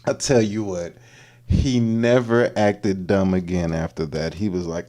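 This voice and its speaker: Brief: male streamer, lively reaction commentary, pitch bouncing all over, laughs a lot. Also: slow pace. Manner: animated, laughing often, repeats punchlines. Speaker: livestream host.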